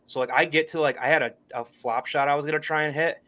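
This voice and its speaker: A man's voice: fairly high pitch, steady tone, fast, pushed and bright. A young man co-hosting a laid-back golf podcast. He tells his stories with lots of energy, swears freely and acts out the quotes as he goes. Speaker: podcast co-host. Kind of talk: casual golf podcast chat.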